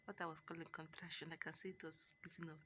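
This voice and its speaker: A young woman vlogging from a hospital ward while in labour. She talks softly and often half-whispers, pausing through the pain. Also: sits low, little pitch movement, slight background noise. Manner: slow, soft-spoken, often half-whispered. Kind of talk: personal labour vlog.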